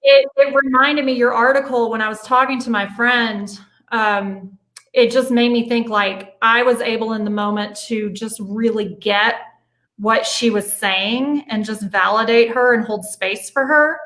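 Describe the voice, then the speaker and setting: A woman's voice: fairly high pitch, fairly even intonation, measured pace, a bit bright. A woman hosting an interview, who talks casually and hesitantly, often restarting her sentences. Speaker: host. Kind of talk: conversational interview. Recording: echoey room.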